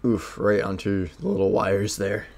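A man's voice: lowish voice, steady tone, normal speed, darkish tone. A man giving casual let's-play commentary while gaming, laughing often, swearing and reacting with surprise. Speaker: gamer playing a video game.

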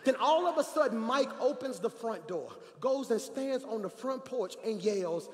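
A middle-aged man preaching an energetic sermon, telling stories and swinging from quiet asides to shouts. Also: extremely high pitch, moderate pace, hardly any pauses. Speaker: pastor. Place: large church hall. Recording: reverberant church hall.

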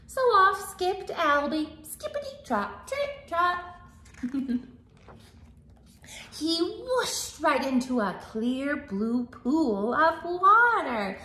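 A librarian reads a picture book aloud to children in an animated, singsong voice, pausing to ask them questions. She speaks high and extremely slowly, in a room with noticeable echo.

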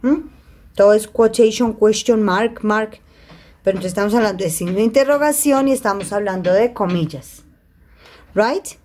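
A woman's voice: medium pitch, brisk, darkish tone, a little hiss or hum. A woman teaching an online English grammar class in a Spanish accent, her first language being Spanish, reading example sentences aloud and switching into Spanish to explain. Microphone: computer mic in a video call.

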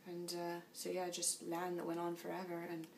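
A woman's voice: lowish voice, completely flat delivery, normal speed, creaky, recorded from a distance, slight background noise. A tired woman chatting casually in a video diary about her cycling trip, laughing often, in a small motel room. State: tired after a long flight. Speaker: long-distance cyclist vlogging.

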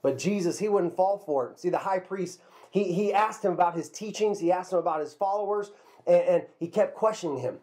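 A man telling a Bible story to children as a kids' pastor, lively and a little halting, often repeating a word before going on. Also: high-pitched. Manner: lively storyteller, repeats words while talking.

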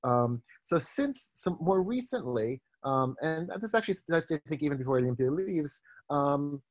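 Hesitant professor lecturing over video call. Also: male voice, a little high, expressive, normal speed, no room sound. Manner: thoughtful, hesitant, with frequent fillers and restarts. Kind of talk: online lecture. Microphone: video call microphone.

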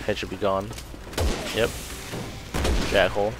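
A man's voice: fairly low pitch, little pitch movement, measured pace, heavy background noise. A man commentating on his gameplay, swearing and ranting in frustration. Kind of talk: let's play commentary.

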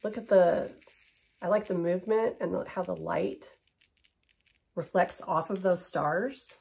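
A shopping haul vlogger chats upbeat and unhurried while unboxing and trying things on, her lowish, slightly mellow voice carrying a gravelly edge. She drops to a near whisper for close-ups.

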